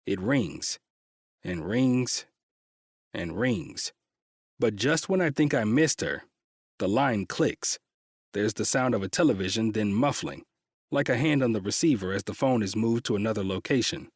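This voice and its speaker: A man's voice: lowish voice, animated, unhurried, no echo, clean studio sound. A man reading a first-person romance audiobook with a tense, frustrated delivery and frequent swearing. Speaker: audiobook narrator.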